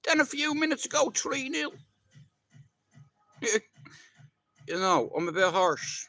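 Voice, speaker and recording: Slow-talking Irish man chatting on a livestream. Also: very high voice, big pitch swings, sharp tone. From Ireland. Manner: swears freely, rambling storyteller. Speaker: livestream host. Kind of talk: casual chat to live viewers.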